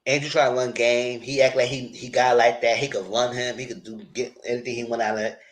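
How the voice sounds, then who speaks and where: With a mid-range voice moving a little fast, a male TV show reviewer offers a casual live recap of a TV episode. He chats directly with viewers and stays animated, performing the characters' lines in quotes as the recap unfolds.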